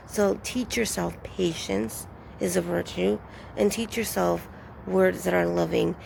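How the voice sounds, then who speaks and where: A woman's voice: on the low side, a little slow, gravelly, a little hiss or hum. A woman rambling through a casual vlog outdoors, telling her story in a chatty way with lots of fillers. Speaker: vlogger.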